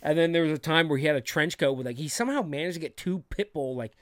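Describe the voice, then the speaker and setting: A man's voice: on the high side, fast talker, no echo, studio quality. A young man, a podcast host, telling rambling, profane stories in casual chat with lots of fillers and restarts.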